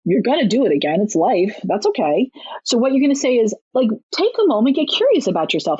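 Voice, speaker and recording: A woman author giving candid, down-to-earth parenting advice as a podcast guest, talking briskly and laughing often. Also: on the high side, sing-song, darkish tone, husky, dry recording, dull audio. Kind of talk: conversational advice in a podcast interview.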